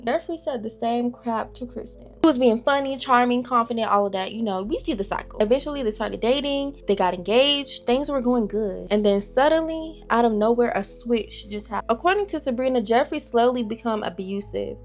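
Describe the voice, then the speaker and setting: A woman, chatting casually to viewers as she retells a story. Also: on the high side. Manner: chatty, addresses viewers as y'all and girl. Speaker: storytime creator.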